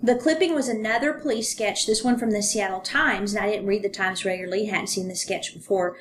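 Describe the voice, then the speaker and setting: A woman's voice: medium pitch, brisk, fairly bright tone. A woman co-hosting a podcast, casually retelling a true-crime case in a chatty way with plenty of fillers. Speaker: podcast co-host.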